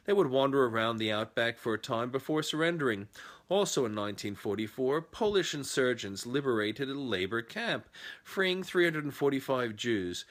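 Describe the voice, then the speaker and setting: Aussie guy reading out history dates, mid-pitched, dry little jokes here and there. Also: fairly bright tone. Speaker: narrator. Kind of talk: scripted history narration.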